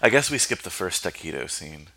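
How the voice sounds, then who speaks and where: A young man with a low yet bright voice recaps a movie plot. His pitch swings widely as he tells the story, and he breaks into laughter often. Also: a little fast, no room sound. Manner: laughs a lot, lively storytelling. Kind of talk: casual chat recapping a film.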